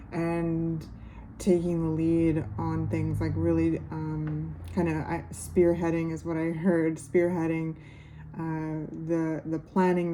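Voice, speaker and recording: A woman who reads tarot in a relaxed, musing way. She talks to her viewers with affection and fills the pauses with "um" and "like." Her voice is dark and mellow, her delivery slow and drawn out, and her pitch sits a little low. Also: slight background noise. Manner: unhurried and musing, many fillers, speaks warmly to viewers. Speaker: tarot reader. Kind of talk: casual tarot reading to camera.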